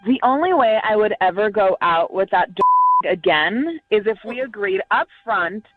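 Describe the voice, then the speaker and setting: A woman's voice: mid-range voice, animated, moderate pace. A woman calling into a radio show, mocking and scornful toward her date. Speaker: caller. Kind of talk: phone argument on radio. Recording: tinny phone line, studio laughter.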